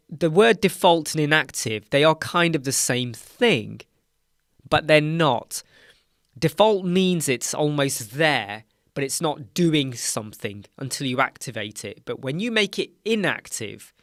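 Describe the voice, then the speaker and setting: A man's voice: on the high side, a bit bright, dry recording, clean studio sound. A tired British man hosting a live Q&A stream, explaining things casually with rambling self-corrections. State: tired, yawning. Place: dark home studio with soundproof panels.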